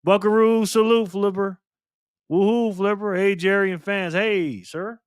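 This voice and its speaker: A man hosting a casual livestream, calling out viewers and donations with upbeat shout-outs. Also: high voice, steady tone, unhurried, smooth, dry recording, studio quality. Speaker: livestream host.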